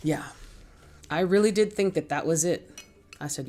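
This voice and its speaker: Chatty low-voiced woman crafting. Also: moderate pace, long pauses, dark tone. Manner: chatty, rambling, self-deprecating. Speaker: craft channel host. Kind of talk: casual craft tutorial voice-over.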